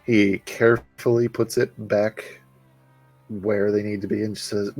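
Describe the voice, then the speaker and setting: A man narrating as game master of a tabletop game, slow and halting as he describes the scene. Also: on the low side, flat delivery, a little mellow, faint music behind, rough recording.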